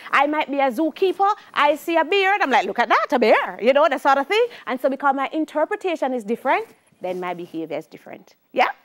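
A middle-aged woman with a Jamaican accent gives an exam-prep sociology lecture in a high voice. She keeps it lively, drilling key terms and slipping into patois for classroom stories. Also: quick pace. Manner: lively, shifts into patois for anecdotes. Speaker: sociology teacher.

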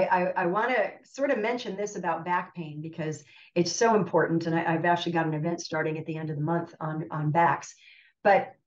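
Woman physical therapist presenting, emphatic, on a dull lo-fi recording in a roomy space. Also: medium pitch. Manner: emphatic, asks "right?" a lot. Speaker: physical therapist and nutrition educator. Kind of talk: guest presentation. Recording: distant roomy lo-fi audio.

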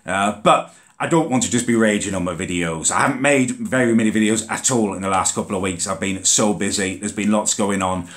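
A man's voice: on the low side, fairly quick, fairly bright tone. A young man telling an indignant rant to camera for his vlog, swearing casually. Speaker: vlogger. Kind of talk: ranting vlog storytelling.

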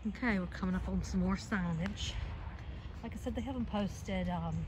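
A woman's voice: medium pitch, moderate pace, noisy background. A woman, chatting casually while walking a trail and a bit out of breath. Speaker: vlogger. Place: outdoors on a gravel trail. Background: birds singing, outdoor ambience.

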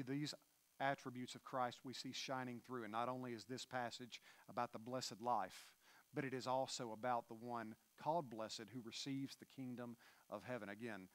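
A man preaching a sermon as pastor in a church. His voice sits at an ordinary middle pitch. He reads scripture aloud and explains it in an earnest way. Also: fairly bright tone.

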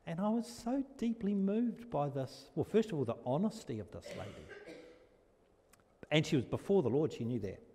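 A man, a pastor giving an informal storytelling sermon. He talks conversationally, with frequent pauses and fillers, and speeds up or slows down to stress a point. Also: fairly high pitch, very animated, warm tone, slightly rough. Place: church sanctuary during a service. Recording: long church reverb.

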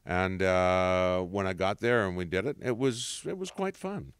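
Lively storytelling man, smooth and dry. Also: deep voice, a little slow, no room sound. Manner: animated storyteller, laughs often. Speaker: voice actor guest. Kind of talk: casual convention interview. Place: convention panel interview.

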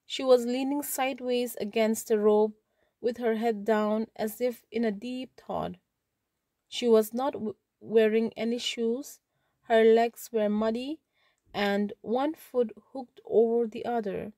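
Slow, careful woman teacher explaining a story. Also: on the high side, fairly even intonation, mellow, no room sound. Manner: reads a passage, then retells it in simpler words. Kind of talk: reading a story aloud and explaining it.

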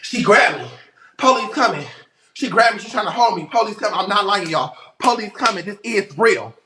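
High-voiced man telling a brawl story. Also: lively intonation, fairly quick, distant mic. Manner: loud, profane, acts out fights with sound effects. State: out of breath. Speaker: livestreamer. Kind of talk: animated storytelling. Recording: roomy echo, faint noise.

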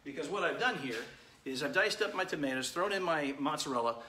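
A man's voice: on the high side, lively intonation, a little fast, pushed and bright. Chatty man cooking in an echoey kitchen. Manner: chatty, greets viewers by name while cooking. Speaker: cooking show host. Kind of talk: casual live-stream cooking demo. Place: home kitchen. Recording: echoey kitchen, faint frying noise. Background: sizzling frying pan.

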